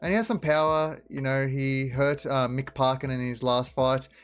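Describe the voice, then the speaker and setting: A man's voice: mid-range voice, fairly even intonation, moderate pace, clean tone, faint music behind. A young man hosting his own betting picks show, talking casually and sarcastically with lots of fillers. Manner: sarcastic, rambling with many fillers. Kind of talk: casual sports prediction talk.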